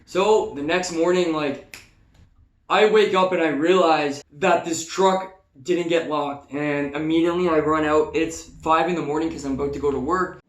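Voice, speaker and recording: A young man with a notably high voice tells a story in a loose, animated way, cursing freely and slipping into shouted impressions of people. The sound is echoey, as if recorded in a bare room. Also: normal speed. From Canada. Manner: animated, swearing, acts out shouted quotes. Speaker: vlogger. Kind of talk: casual anecdote storytelling.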